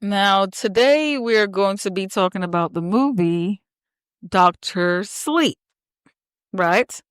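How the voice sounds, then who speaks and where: A woman's voice: medium pitch, a little slow, clean tone, dry recording, studio quality. A young woman hosting a casual podcast, chatty and teasing, bossing her co-host around between fillers.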